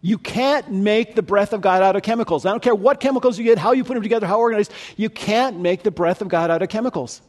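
A man's voice: high-pitched, fast talker, few pauses. A man preaching a sermon, speaking conversationally and posing questions to his listeners. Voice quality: conversational, asks the audience questions. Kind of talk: sermon teaching.

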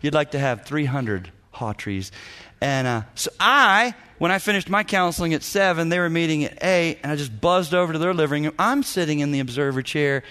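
Animated storytelling pastor, man. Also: a little high, a little fast, clean tone. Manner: animated storyteller, acts out dialogue, chuckles often. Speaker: senior pastor. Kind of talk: teaching talk to church leaders.

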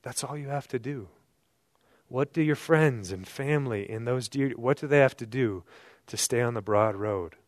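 Brief: male pastor, mid-range voice, sermon delivery, rhetorical questions, loud-to-hushed dynamics, dry close recording. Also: normal speed, dry recording. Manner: rhetorical questions, swings from loud emphasis to hushed low tones. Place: church service at night.

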